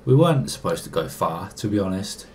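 A young man giving excitable, casual commentary while playing a football game, arguing back at the screen and laughing. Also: deep voice, fairly quick, slight background noise. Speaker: gaming YouTuber.

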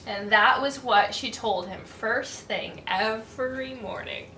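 A woman reading a picture book aloud to children in an animated way, asking her listeners questions as she goes. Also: a little high, slow. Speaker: children's storyteller. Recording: echoey room, distant mic, faint hiss.

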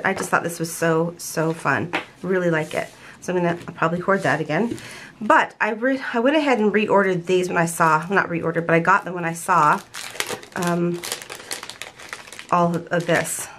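A woman's voice: lowish voice, a bit bright, slight background noise. An older woman chatting casually at home about a planner haul, gushing and often restarting her sentences. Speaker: planner vlogger.

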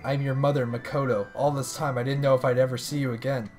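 A man voicing a gentle, grieving queen mother in a game, speaking low and hushed. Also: flat delivery, fast talker, faint music behind, natural voice. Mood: tender. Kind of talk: voicing game dialogue aloud.

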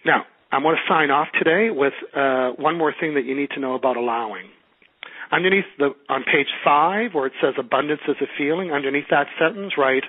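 A man's voice: fairly high pitch, a little fast, breathy edge. A man with a Canadian accent teaching a class by phone, upbeat and coaching, asking the class questions. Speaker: teleclass teacher. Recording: tinny phone line.

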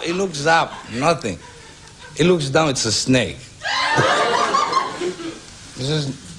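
A man's voice: medium pitch, animated, slow, long pauses, very noisy. A man from Brazil, telling a joke on a talk show, laughing through it. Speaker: comedian. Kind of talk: stand-up storytelling on a talk show.

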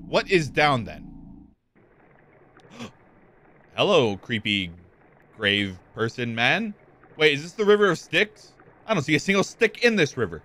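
A man's voice: a little high, a little slow, pauses often. A young man doing live, joking gameplay commentary as a streamer, swearing casually. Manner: animated, swears casually, jokes.

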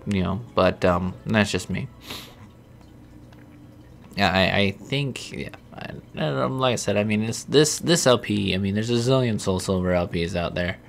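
A man's voice: lowish voice, normal speed, vocal fry, slight background noise. A young man casually commentating his gameplay, swearing often and getting exasperated with himself. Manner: profane, self-deprecating, easily exasperated. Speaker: Let's Play host.

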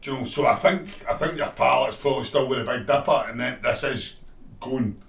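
A man's voice: medium pitch, steady tone, vocal fry. Hesitant Scottish man in an echoey room. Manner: halting, repeats words, hesitant. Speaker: podcast co-host. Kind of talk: casual chat. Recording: roomy echo.

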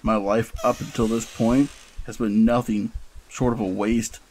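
A man with a somewhat low voice narrates a horror story in the first person. His delivery is dramatic and intense, with a tense, storytelling pull. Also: little pitch movement, unhurried, a little mellow, a little hiss or hum, poor audio.

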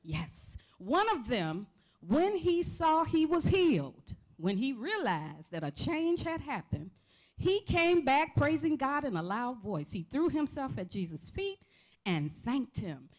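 A woman preaching a sermon in a church, calling out to the congregation for responses with shouts of praise. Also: sits high, sing-song, slow. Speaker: pastor. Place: church sanctuary.

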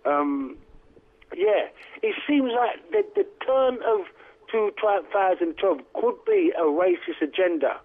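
A high-pitched man talks over a tinny phone line into a radio show. He rambles emphatically, stumbling and restarting as he builds his points. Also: big pitch swings, takes it slowly. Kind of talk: talk radio discussion.

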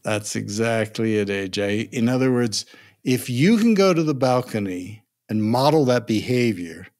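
An older man, a negotiation expert, telling a story in a podcast interview and acting out the voices of the people in it. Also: medium pitch. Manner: animated storyteller, acts out quoted voices.

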